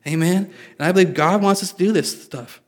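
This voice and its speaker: A man's voice: high-pitched, a little fast. A man preaching a sermon in a casual, confessional way, joking with his listeners. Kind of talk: conversational sermon.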